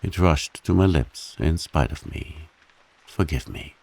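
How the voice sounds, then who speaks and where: A man softly voicing a humble, pleading lover. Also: very deep voice, expressive, slow, heavily acted. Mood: earnest, pleading. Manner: earnest, husky, pleading. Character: humble devoted man confessing love.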